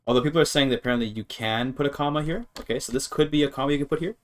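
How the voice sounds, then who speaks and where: A man streaming a game in casual talk, thinking aloud as he works through a translation, with halting restarts and tries at German words. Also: medium pitch. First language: English.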